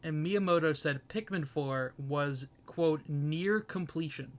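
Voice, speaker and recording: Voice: mid-range voice, takes it slowly. A podcast co-host in casual chat who laughs often and rambles through stories.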